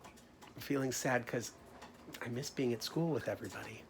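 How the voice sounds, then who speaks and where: A male teacher speaks gently to young children and names his feelings out loud as he goes. His pitch is ordinary and middling. A faint hiss sits under the recording. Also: normal speed. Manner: gentle, talking through feelings aloud. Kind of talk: storytime lesson for children.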